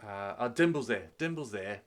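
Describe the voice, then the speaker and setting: A man's voice: on the low side, lively intonation, normal speed. Rambling male game master. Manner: rambling, descriptive, filler-heavy. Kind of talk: narrating a tabletop game.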